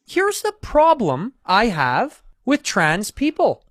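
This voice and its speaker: A man doing an impression of a stern male public intellectual, with slow, emphatic, strained high delivery. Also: huge pitch swings, fairly bright tone, no echo, clean studio sound, heavily acted. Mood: lecturing.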